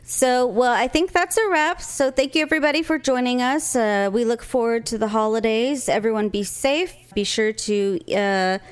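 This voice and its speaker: A woman's voice: fairly high pitch, moderate pace, hardly any pauses, clear, resonant tone. A woman co-hosting a podcast, chatting casually and wrapping up the show in an easygoing way. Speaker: podcast co-host. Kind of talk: casual chat.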